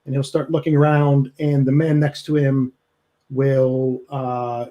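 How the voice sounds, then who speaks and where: Acting as game master, a man narrates a tabletop game in a relaxed way full of fillers. His voice is mid-range and measured in pace, and the recording has its highs cut off.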